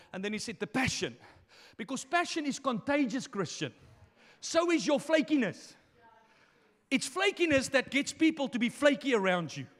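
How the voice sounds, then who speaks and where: Male pastor, very high voice, fiery sermon delivery, long hall reverb. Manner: impassioned preaching, swinging between quiet asides and shouting.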